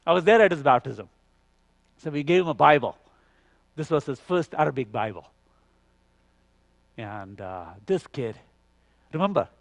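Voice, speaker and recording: A man preaching at a youth conference, telling a story with lively acted dialogue and frequent "you know". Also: a little high, normal speed, vocal fry, pauses often, no echo, muffled recording. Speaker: conference speaker. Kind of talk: sermon storytelling.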